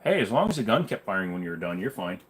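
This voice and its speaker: A man's voice: sits low, sing-song, fast talker, a bit bright. A man hosting a casual livestream and answering chat in a blunt, offhand way, swearing now and then. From Canada. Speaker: livestream host reading chat.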